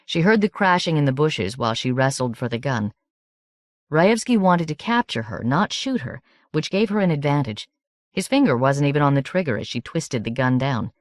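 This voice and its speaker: A woman narrating a novel as an audiobook in a steady, measured reading. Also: low-pitched, no echo, studio quality.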